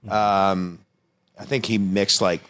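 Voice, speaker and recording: A man with a very low voice chats as a podcast guest. He rambles through a personal story in a casual, animated way and swears freely. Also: takes it slowly.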